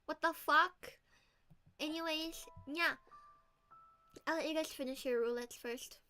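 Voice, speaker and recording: A woman streamer in casual live-stream chat, hoarse, giggling and swearing often with playful mock menace. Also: high-pitched, measured pace, pushed and bright, soft background music.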